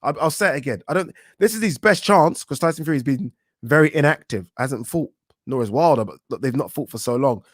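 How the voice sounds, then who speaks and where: A man hosting a boxing channel, chatting casually on a live stream, reading viewer comments aloud and reacting with frank, animated opinions and the odd swear. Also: medium pitch, fairly quick, no room sound, studio quality. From England.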